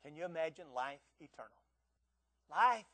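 A man's voice: on the high side, expressive, normal speed, pushed and bright. A man in his sixties preaching a sermon as a visiting preacher, earnest and pleading, often stammering and repeating his words.

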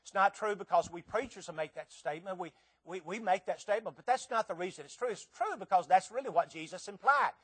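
A man from Tennessee with a Southern accent preaching a sermon, folksy and conversational, asking the congregation direct questions and swinging between hushed intimacy and loud emphasis. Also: high-pitched, lively intonation, fast, slightly rough. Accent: Southern American. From Tennessee, southern United States.

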